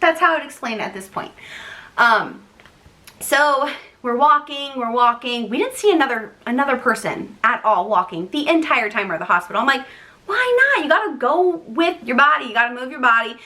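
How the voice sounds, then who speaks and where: Bright, chatty young woman vlogger. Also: on the high side, brisk. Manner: chatty, animated, acts out quoted voices. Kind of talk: casual storytelling to camera.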